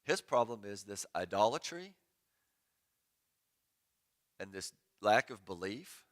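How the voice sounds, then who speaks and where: A man's voice: fairly low pitch, expressive, slow, long pauses, a bit bright. A man giving a sermon as pastor in a church sanctuary, conversational and joking, with sarcastic asides.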